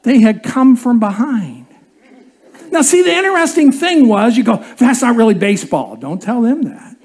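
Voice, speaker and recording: A preacher giving a sermon and telling a humorous story in an animated way, chuckling along, then dropping low and quiet for the serious points. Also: normal speed.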